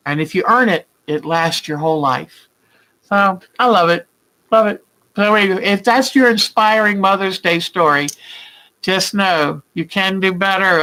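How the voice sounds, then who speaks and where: A woman's voice: on the low side, fairly bright tone, low-quality recording. An older woman hosting a quilting channel, chatting casually and heartfelt with her viewers, calling them by name and often laughing with emotion. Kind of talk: casual live chat with viewers.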